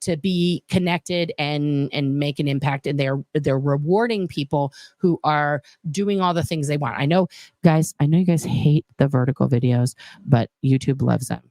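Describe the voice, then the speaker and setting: A woman's voice: deep voice, moderate pace, darkish tone, no room sound. Chatty woman host reading comments. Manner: chatty, reads viewer comments aloud, swears casually. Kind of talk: casual livestream chat reading comments.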